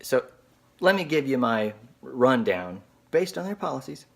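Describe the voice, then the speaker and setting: A man's voice: medium pitch, big pitch swings, a little slow, vocal fry, a bit bright. A man telling a story to camera as a video blogger, sarcastic and exasperated.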